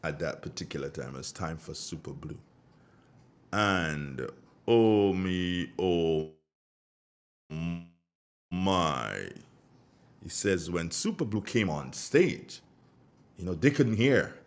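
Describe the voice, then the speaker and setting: In a radio studio, a deep-voiced Grenadian man greets his audience and tells stories, moving slowly and pausing often. His delivery is casual and animated, rich with Caribbean turns of phrase.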